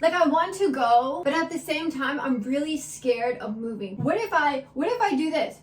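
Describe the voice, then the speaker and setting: High-voiced young woman telling a story. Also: moderate pace, a little hiss or hum. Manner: animated, swears freely, dramatic retelling. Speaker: vlogger. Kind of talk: storytime vlog.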